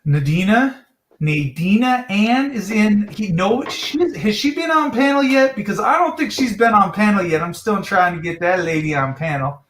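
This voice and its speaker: A man's voice: high voice, lively intonation, moderate pace, fairly bright tone, reverberant, slight background noise. A man hosting a livestream from South Dakota, rambling and profane, repeating his words as he rants. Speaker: livestream host. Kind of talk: ranting livestream chat.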